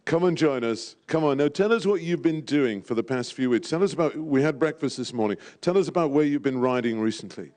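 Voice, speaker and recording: A man's voice: mid-range voice, expressive, a little fast, few pauses, a little mellow. A man emceeing a live event, jovial and teasing, sprinkling in French phrases. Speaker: event host at a draw.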